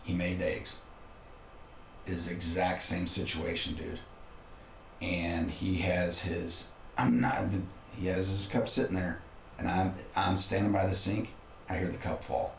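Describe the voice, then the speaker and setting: Middle-aged man, very low voice, roomy sound, candid storyteller for an interview spot. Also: fairly even intonation, a little slow, gravelly. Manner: candid, conversational, frequent restarts. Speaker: podcast guest. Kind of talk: casual personal storytelling. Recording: roomy room with faint background noise.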